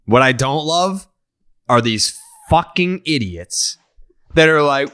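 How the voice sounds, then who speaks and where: A man's voice: on the high side, animated, slow pace, pauses often, bright, forceful tone, clear, resonant tone. A man hosting a podcast, ranting profanely and with heat in casual chat. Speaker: podcast host.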